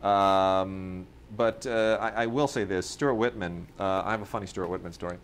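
Rambling low-voiced man telling stories. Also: fairly even intonation, normal speed, slight background noise. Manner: rambling storyteller, many fillers, mimics people in quoted bits. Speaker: podcast co-host. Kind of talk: casual chat reviewing home video releases.

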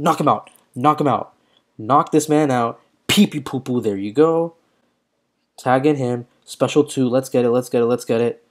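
Young man, husky voice, gameplay commentary, slangy, frustrated outbursts, unhurried pace. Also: mid-range voice. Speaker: mobile game player.

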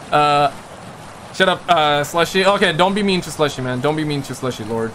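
A man's voice: on the high side, a little fast, pushed and bright, a little hiss or hum. A man from Pakistan, chatting casually on a live stream, joking and rambling as he reads viewer comments aloud. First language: Urdu. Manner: joking, rambling, playful slang. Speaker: livestreamer.

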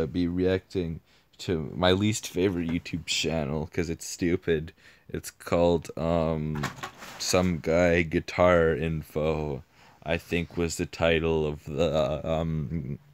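A man hosting a parody reaction video, rambling with halting restarts and lots of ums, in a deadpan, clueless tone. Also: a bass voice.

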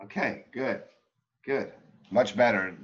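Acting coach guy, lowish voice, chatty and relaxed, muffled lo-fi audio. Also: slow. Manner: relaxed, chatty, with frequent restarts. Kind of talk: coaching session. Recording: dull lo-fi audio.

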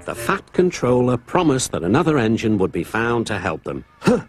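Male storyteller, animated, mid pitch, music bed. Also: normal speed. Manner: expressive, lilting storyteller delivery. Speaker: narrator. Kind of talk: scripted storybook narration.

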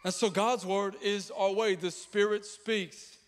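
A male pastor with a high, unhurried voice and fairly even intonation preaches a passionate, repetitive sermon, moving between ringing declarations and dramatic drops into hushed, intimate asides. He speaks through a stage microphone in a large, reverberant church auditorium.

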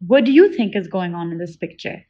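A young woman teacher leading a children's phonics lesson, slowly sounding out words and patiently asking the listener to repeat after her. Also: on the low side, expressive, warm tone, highs cut off. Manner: slow, drawn-out sounding out of words; patient, encouraging prompts to repeat.

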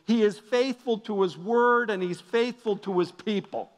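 A pastor delivers a sermon in a high, ringing voice. He sinks into quiet, confessional passages, then climbs back to loud, emphatic declarations. The sound of a large church hall lingers after each phrase. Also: a little slow. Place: church sanctuary. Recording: long reverb of a large hall.

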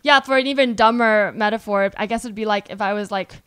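A woman's voice: mid-range voice, fairly quick, fairly bright tone, smooth, no room sound. A young adult woman hosting a podcast, chatting casually and acting out quoted back-and-forths as she tells a story. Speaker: podcast host.

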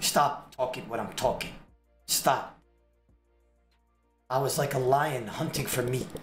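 Excitable streamer man in an echoey room. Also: medium pitch. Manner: excitable, slangy trash talk with sudden shouts. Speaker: game streamer. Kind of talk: live gameplay commentary. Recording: echoey room with clear background music. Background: background music.

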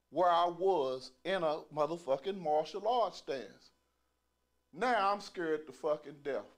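A middle-aged man telling a profane prison story as stand-up, acting out the people he quotes. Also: fairly high pitch. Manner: profane, animated, acts out quoted voices. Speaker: stand-up comedian.

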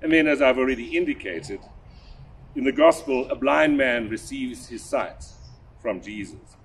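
An older man, a priest, delivering a measured, deliberate sermon with a husky voice. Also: medium pitch, very animated, a little hiss or hum. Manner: measured, deliberate preaching with emphatic rises.

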